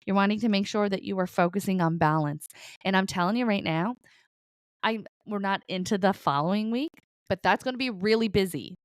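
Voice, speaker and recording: This middle-aged psychic medium speaks at a medium pitch, briskly and with a clean tone, free of room sound. Giving viewers relaxed weekly spiritual guidance, she stays reassuring and chatty, laughing lightly between points and checking in with "okay?" and "right?"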